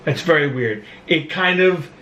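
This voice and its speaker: A man in his thirties chatting casually as a vlog co-host, telling stories with animated, mock-indignant emphasis. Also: a little high, a little slow, reverberant, dull audio. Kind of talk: casual chat.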